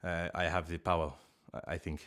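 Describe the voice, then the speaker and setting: A man chatting casually on a live stream from his living room, rambling and joking at himself with sudden loud outbursts. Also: deep voice, little pitch movement, a little fast, smooth.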